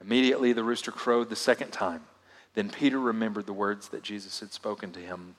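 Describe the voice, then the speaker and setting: A male pastor preaching a sermon, swinging from loud emphatic lines to hushed, quiet asides. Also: fairly low pitch, steady tone, fairly quick. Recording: long hall reverb.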